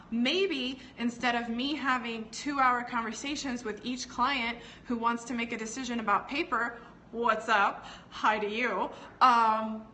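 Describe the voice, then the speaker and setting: A woman's voice: on the high side, sharp tone, a little hiss or hum. A woman teaching on a casual live stream. She talks in a chatty, digressive way, laughs often, and answers viewers' comments as they come in. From United States. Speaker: business educator hosting a live stream.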